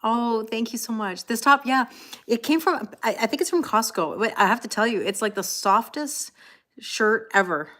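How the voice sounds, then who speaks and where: A woman's voice: a little high, moderate pace, fairly bright tone. A middle-aged woman with a Canadian accent, chatting with viewers by name and reading tarot on a live stream. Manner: chatty, greets viewers by name, reads out comments. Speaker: tarot reader.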